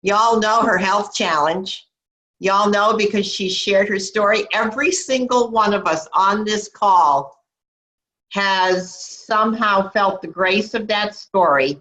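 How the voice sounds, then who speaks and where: A woman's voice: mid-range voice, slow pace, fairly bright tone, rough recording. A woman hosting a team video call, cheering on and introducing members with emphatic praise. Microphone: computer mic on video call.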